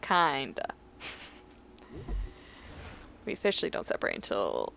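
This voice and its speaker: A woman's voice: on the low side, wildly swooping pitch, moderate pace, vocal fry, long pauses, fairly bright tone, dull audio, a little hiss or hum. Woman reading game lore aloud. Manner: reads in-game history entries aloud with joking asides, often tripping over words. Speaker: let's play host. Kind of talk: casual gameplay commentary.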